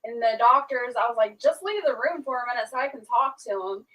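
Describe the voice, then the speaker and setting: A woman's voice: fairly quick, distant mic, low-quality recording. A woman hosting a livestream, casually telling a long story and acting out what people said. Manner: animated, acts out quotes with raised pitch.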